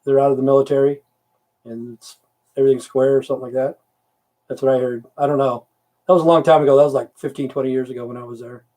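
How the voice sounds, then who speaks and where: A man's voice: medium pitch, fairly even intonation, fast talker, mellow. A middle-aged man, a military veteran, hosting a casual livestream, reading viewer comments aloud and answering them in a rambling, profane, grumbling way. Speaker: livestream host.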